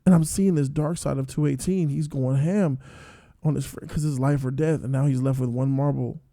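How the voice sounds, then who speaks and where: A man giving a casual, animated review and retelling a story in loose slang. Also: medium pitch, normal speed, no room sound, clean studio sound.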